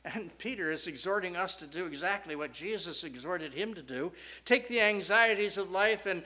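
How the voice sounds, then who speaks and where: A man preaching a sermon, swinging from loud, rising questions to soft, low statements with strong emphasis.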